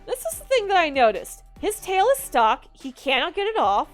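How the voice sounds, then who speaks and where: A woman giving casual movie commentary in an animated, exasperated, rambling way. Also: sits high, moderate pace, faint music behind. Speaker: video commentator.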